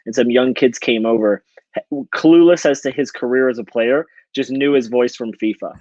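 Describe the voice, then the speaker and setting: A wry, teasing man co-hosting a casual podcast. He speaks at a middle pitch, and his audio is a little dull and lo-fi. It sounds dry, without room echo. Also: moderate pace, darkish tone. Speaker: podcast co-host. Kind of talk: casual chat.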